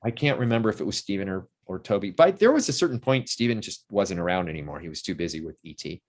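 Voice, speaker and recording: A man in his sixties, an interview guest who tells lively stories about a film shoot and acts out what people said on set. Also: sits low, quick pace. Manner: animated storyteller who acts out quotes from the set. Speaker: interview guest, actor and playwright. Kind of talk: casual interview chat.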